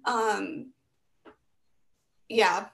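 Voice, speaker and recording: A woman's voice: medium pitch, extremely slow, vocal fry, a bit bright. A young woman co-hosting a podcast, chatting casually and choosing her words with care. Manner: thoughtful, careful, hedging. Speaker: podcast co-host. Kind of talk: casual chat.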